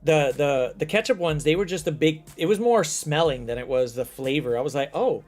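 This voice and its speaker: A man from the United States hosting a casual chat show, telling stories in a lively, profane way. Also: fairly high pitch, fairly quick. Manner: animated, profane storytelling. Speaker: host.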